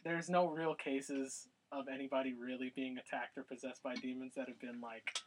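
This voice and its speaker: A man's voice: mid-range voice, moderate pace, noisy background. A man co-hosting a podcast, chatting casually, telling crude stories and laughing often. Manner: crude, laughing, animated storytelling. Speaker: podcast co-host. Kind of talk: casual chat.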